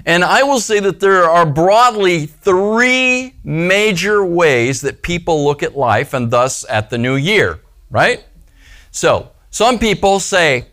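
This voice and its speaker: A male pastor speaking to a small congregation in an animated, playful way. His pitch sits a bit high and swings widely as he slips into little voices for the people he quotes. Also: unhurried. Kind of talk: casual sermon. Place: small church gathering.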